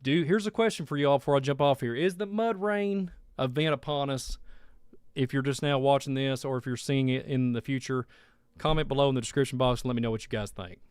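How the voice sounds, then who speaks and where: A man's voice: mid-range voice, fast, a little mellow, smooth, no room sound, studio quality. A man hosting a live stream, rambling and heartfelt as he thanks viewers and signs off. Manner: rambling, heartfelt, repeats himself. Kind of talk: casual live stream sign-off.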